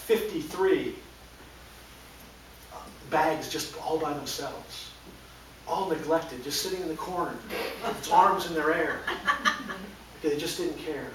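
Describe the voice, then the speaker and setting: A man giving a humorous storytelling speech at a speech contest, theatrical and animated, in a large echoey hall recorded from far off. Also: a little high, slow, pauses often, a little hiss or hum. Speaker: contest speaker.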